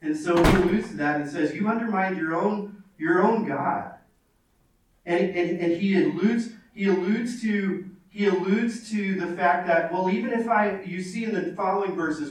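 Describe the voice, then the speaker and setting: A pastor with a high voice preaches a sermon earnestly at a measured pace, reading scripture aloud and repeating phrases for weight. The recording is very echoey and sounds far away.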